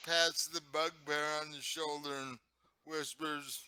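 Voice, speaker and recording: A man playing a tabletop game, talking in an unhurried way and chuckling often. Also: a little high, flat delivery, sharp tone, smooth, rough recording. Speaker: player. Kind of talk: casual tabletop play.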